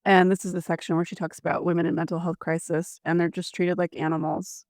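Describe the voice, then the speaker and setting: A woman's voice: fairly low pitch, level tone, fast, a little mellow, dry recording, clean studio sound. A woman co-hosting a podcast, chatting and recapping a story with sympathy. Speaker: podcast co-host. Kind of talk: casual chat.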